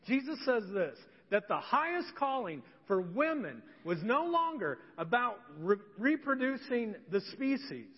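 Animated, high-voiced preacher. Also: male voice, unhurried, few pauses, breathy edge. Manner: animated storytelling, acting out scenes. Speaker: pastor. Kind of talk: sermon. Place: church sanctuary. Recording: dull recording with long church reverb.

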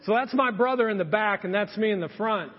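A man's voice: high-pitched, brisk. A man in his thirties, a pastor, preaching a sermon with playful asides and acted-out stories. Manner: storytelling with acted-out quotes, humorous asides. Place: church sanctuary. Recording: dull lo-fi sound with long hall reverb.

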